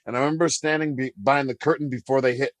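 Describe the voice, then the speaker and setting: Man telling a lively backstage story. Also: mid-range voice, very fast, no room sound. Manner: animated anecdote-telling, acts out quotes, laughs often. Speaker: podcast guest. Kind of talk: casual storytelling.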